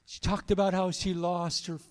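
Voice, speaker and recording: A man's voice: high-pitched, level tone, normal speed. A man pastor giving an earnest sermon, repeating phrases for emphasis as he tells a story and then exhorts the congregation.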